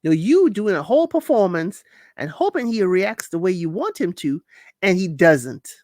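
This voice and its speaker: Animated woman recapping a reality show. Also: lowish voice, normal speed, dry recording, studio quality. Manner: animated, colloquial, scolds people directly. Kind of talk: casual commentary.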